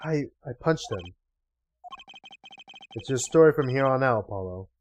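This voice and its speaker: A man voicing a jaded, calm veteran male attorney while reading game text aloud, speaking low, quiet and dry. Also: normal speed, a little hiss or hum, natural voice. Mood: weary.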